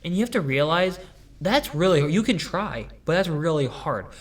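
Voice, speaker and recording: Young male podcast host, casual chat, rambling storyteller with a fairly high voice. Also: animated, moderate pace.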